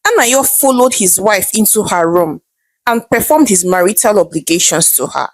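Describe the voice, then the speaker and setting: A woman's voice: medium pitch, lively intonation, moderate pace, dry recording. A woman narrating a scripted folktale in a dramatic storytelling manner.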